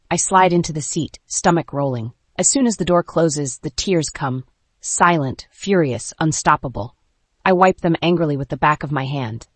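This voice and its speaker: A woman narrating a first-person dark romance audiobook in a measured, tense way. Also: low voice, no echo.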